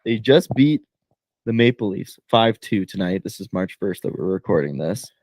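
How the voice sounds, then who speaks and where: A man's voice: fairly low pitch, animated, moderate pace, a little mellow, no room sound. A young Canadian man co-hosting a podcast, chatting casually and loosely with lots of fillers. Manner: loose, rambling sports talk with many fillers. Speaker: podcast co-host. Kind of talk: casual chat.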